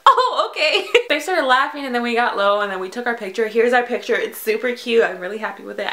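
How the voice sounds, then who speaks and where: Young female vlogger, fast chatty storytime delivery, bright tone. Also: mid-range voice. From United States. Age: young adult. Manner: chatty, full of "like" and acted-out quotes. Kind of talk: casual storytime vlog.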